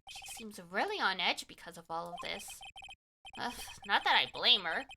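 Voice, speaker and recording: A woman's voice: medium pitch, big pitch swings, moderate pace, bright, forceful tone, slight background noise, voice pushed down, exaggerated voice. A woman voicing a young male defense lawyer, earnest and easily flustered. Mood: wary.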